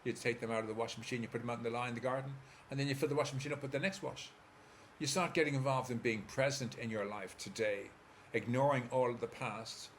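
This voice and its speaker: An Irish man plays a therapist guiding the listener through a visualization, coaching step by step in a calm, steady voice at an ordinary middle pitch and a quick pace. A faint noise can be heard behind him.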